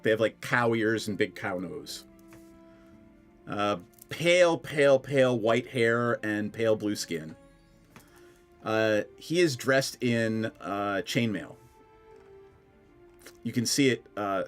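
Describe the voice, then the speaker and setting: A man running a tabletop game as dungeon master, narrating with many pauses and fillers. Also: fairly low pitch, soft background music. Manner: hesitant, filler-heavy narration.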